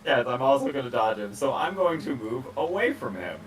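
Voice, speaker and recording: A man playing a tabletop game, answering the game master in a slow, hesitant way. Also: medium pitch, big pitch swings, far from the mic, rough recording. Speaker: player.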